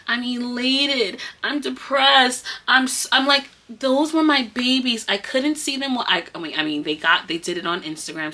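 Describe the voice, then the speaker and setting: A woman who teaches kindergarten tells a story in a casual, animated vlog and speaks straight to her viewers. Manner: animated, emotional retelling with big swings in pitch; casual, addresses viewers as y'all.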